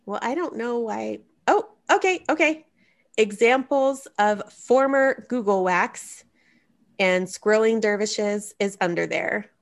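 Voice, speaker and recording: Creaky-voiced woman hosting a chat podcast. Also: fairly high pitch, animated, slow pace. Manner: wry, teasing, thinks aloud while searching. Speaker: podcast host. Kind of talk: casual chat.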